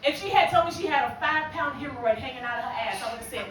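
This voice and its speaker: A woman's voice: high-pitched, very fast, fairly bright tone. Brash older woman comic, echoey room. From United States. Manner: brash, profane storytelling. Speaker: stand-up comedian. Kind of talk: stand-up comedy set. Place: comedy venue with a live audience. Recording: echoey room, far from the mic, noisy.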